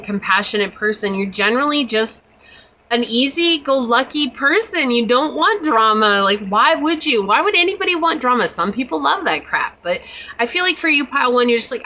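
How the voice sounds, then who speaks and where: A woman with a high-leaning, bright, forceful voice and lively intonation speaks at normal speed on a low-quality recording. She's a tarot reader doing a pick-a-card reading, chatty, reassuring and spiritual, full of casual fillers.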